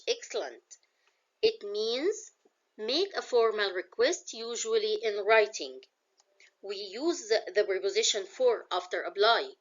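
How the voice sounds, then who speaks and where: A woman's voice: medium pitch, fairly bright tone, highs cut off. A woman with an Egyptian accent teaching a classroom English vocabulary lesson. She explains words in English and glosses some of them in Arabic.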